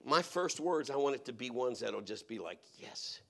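A middle-aged man preaching a sermon, telling stories and swinging between hushed, quiet passages and loud, emphatic exhortation. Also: mid-range voice, animated, fairly quick, gravelly. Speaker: pastor.

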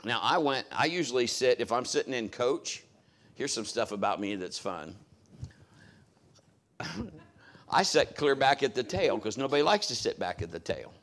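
A man's voice: mid-range voice, very animated, normal speed, pauses often, a bit bright. A man preaching a sermon in a conversational style, telling a story and acting out what others said. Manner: conversational, acts out quoted voices.

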